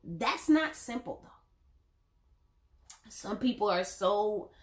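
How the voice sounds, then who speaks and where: A woman hosting a radio talk show gives casual wellness advice like a coach. She keeps checking in with her listeners by asking "all right?". Her voice sits in a middle pitch and carries a roomy echo. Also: animated, extremely slow. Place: home, just woken up.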